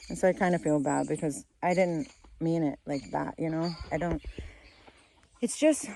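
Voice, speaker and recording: A woman's voice: lowish voice, mellow, a little hiss or hum. A woman vlogging outdoors in a garden, chatting casually, laughing often and losing her train of thought. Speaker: vlogger and mother. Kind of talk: casual rambling vlog.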